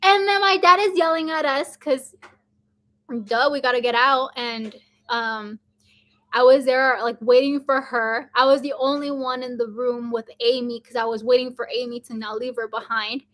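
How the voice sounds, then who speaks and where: A woman's voice: high-pitched, steady tone, normal speed, fairly bright tone. A young woman, casually telling a story to camera, full of "like" and "um". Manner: chatty, many fillers like "like" and "um". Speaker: vlogger.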